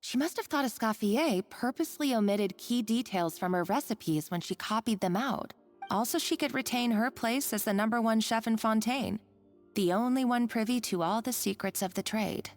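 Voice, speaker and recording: A woman's voice: a little high, normal speed, natural voice. A woman voicing a concerned young female colleague in a game, speaking earnestly and thoughtfully over game music. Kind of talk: game dialogue.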